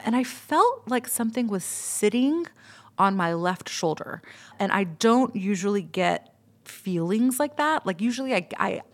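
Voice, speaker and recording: Gravelly-voiced woman telling a story. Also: mid-range voice, very animated, a little slow. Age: 30s. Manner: candid, chatty, swears freely. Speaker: podcast host. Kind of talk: casual personal storytelling.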